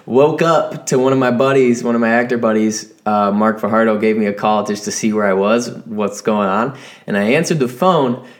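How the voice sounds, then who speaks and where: A young man co-hosting a podcast, telling animated stories in casual chat and swearing freely. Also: fairly low pitch, normal speed. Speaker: podcast co-host.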